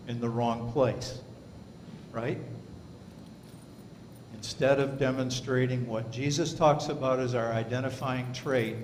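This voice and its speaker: A man teaching a Sunday Bible class in a church, earnest and emphatic, reading scripture aloud between his points. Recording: roomy hall reverb, faint rumble.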